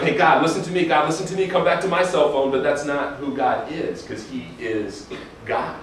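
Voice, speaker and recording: A man giving a relaxed, humorous sermon in a church, acting out quoted prayers as he talks to the congregation. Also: mid-range voice. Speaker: preacher. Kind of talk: conversational sermon. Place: church sanctuary. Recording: echoey room, distant mic, faint hiss.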